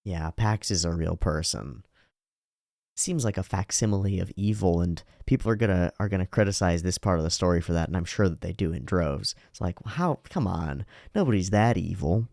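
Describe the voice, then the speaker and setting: A man's voice: low voice, a little fast, creaky, darkish tone, no room sound, studio quality. A man hosting an anime reaction video, speaking bluntly and emphatically, with some swearing. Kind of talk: reaction commentary.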